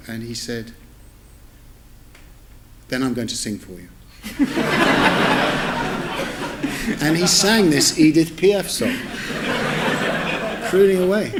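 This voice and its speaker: A middle-aged man spins a rambling, amused anecdote to a lecture audience, breaking off to correct himself and toss in wry asides. His voice sits at an ordinary middle pitch, with a faint hiss of noise underneath. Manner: chatty, self-interrupting, amused asides. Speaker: newspaper editor giving a public lecture.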